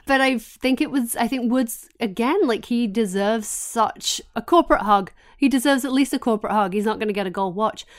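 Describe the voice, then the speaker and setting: Upbeat chatty woman co-host. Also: a little high. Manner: quick, laughing, enthusiastic. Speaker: podcast co-host. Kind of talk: casual chat.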